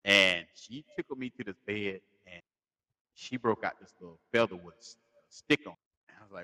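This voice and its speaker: A man's voice: fairly low pitch, fairly quick, bright, forceful tone, long reverb tail. A man with a Southern US accent, co-hosting a podcast, telling crude stories with lots of laughter and slang. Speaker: podcast co-host. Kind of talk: casual storytelling chat.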